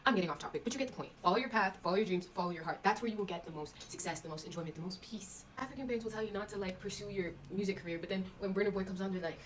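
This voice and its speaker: Rapid-fire blunt young woman vlogging. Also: mid-range voice, a little hiss or hum, rough recording. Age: 20s. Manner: rapid, blunt, profane, animated. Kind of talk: casual vlog monologue.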